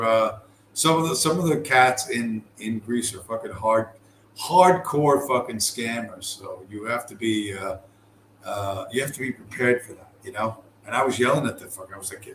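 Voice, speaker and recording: A man's voice: on the low side, unhurried, a bit bright, roomy sound, low-quality recording. Give me a middle-aged American man telling a rambling, profane story, with faint background noise. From United States. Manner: profane, rambling, full of fillers and restarts. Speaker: podcast host. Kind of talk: casual rambling anecdote.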